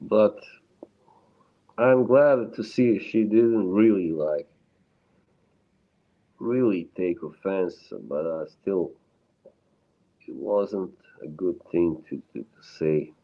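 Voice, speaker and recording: A man with a very low voice rambles through a casual live stream, swearing as he answers his chat. He talks slowly and sounds emotionally shaken. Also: muffled recording.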